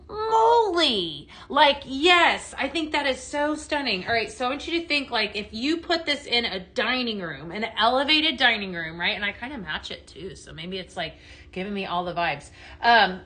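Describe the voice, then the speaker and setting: A woman's voice: on the high side, bright, forceful tone. A woman hosting a chatty live home-decor sales stream from her home, reading viewer comments aloud.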